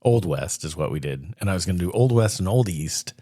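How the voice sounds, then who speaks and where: A man co-hosting a podcast in casual chat, hesitant and halting, with soft laughs. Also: deep voice, animated, no room sound, studio quality. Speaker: podcast co-host.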